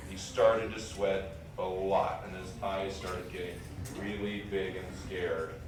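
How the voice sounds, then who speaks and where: A man telling a jokey, animated story to a school audience, acting out characters. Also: deep voice, takes it slowly. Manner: playful, jokey, acts out characters with sudden shifts. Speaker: visiting author telling a story to students. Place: school auditorium. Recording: echoey hall, distant, noisy crowd. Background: loud laughing crowd of children.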